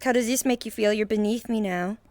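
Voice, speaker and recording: A young woman livestreaming in casual chat, excitable and giggly, swearing and shrieking often. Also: a little high, fairly quick, no room sound. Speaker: VTuber streamer.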